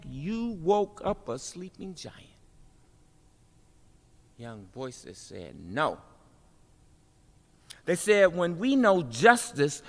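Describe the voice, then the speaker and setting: Slow, emphatic woman performing spoken word. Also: fairly low pitch, darkish tone. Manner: rhythmic, emphatic, repeating refrains with dramatic pauses. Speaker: poet and city politician speaking at a festival. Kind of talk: spoken-word poetry performance, then informal remarks. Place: festival event hall. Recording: long reverb of a large hall.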